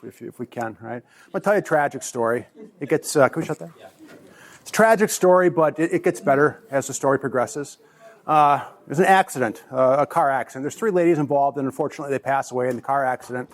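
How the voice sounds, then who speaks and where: A man's voice: medium pitch, quick pace. A man in his forties, a conference presenter, speaking casually and jokingly to a live audience in a meeting room. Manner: chatty, joking, with restarts.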